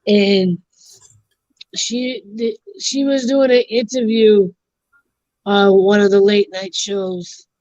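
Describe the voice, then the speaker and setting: A woman chatting casually on a live stream, animated in her storytelling and acting out the lines she quotes. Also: mid-range voice, takes it slowly, long pauses, no room sound, muffled recording. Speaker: co-host. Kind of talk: casual chat.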